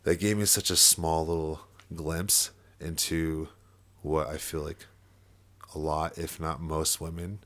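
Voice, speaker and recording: A man's voice: rumbling low, little pitch movement, takes it slowly, fairly bright tone. A young man telling a personal story in casual podcast chat, full of fillers and swearing and with bursts of laughter. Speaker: podcast guest.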